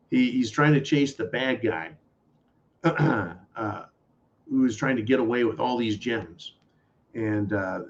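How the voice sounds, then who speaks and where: A man's voice: mid-range voice, slight background noise. A man hosting a political talk show, ranting bluntly with profanity and mockery. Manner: blunt, profane, angry and mocking. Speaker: podcast host. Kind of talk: political commentary rant. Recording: dull lo-fi audio.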